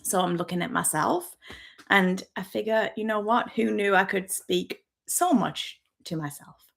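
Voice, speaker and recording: A nervous, frequently laughing YouTuber in her fifties hosts her first livestream, chatting casually to viewers over a built-in laptop mic. She's from Birmingham with a softened West Midlands accent, and her mid-range voice is unhurried, with vocal fry.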